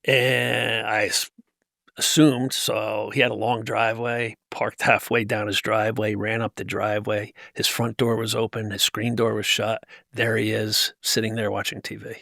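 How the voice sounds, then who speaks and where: Here the guest has a lowish, pushed, bright voice with vocal fry and little pitch movement, talking at normal speed. He's a motivational speaker from New Jersey, USA, sharing a personal story intensely and emphatically with many restarts during an interview on a podcast's tent set. The sound is clean studio audio with no echo.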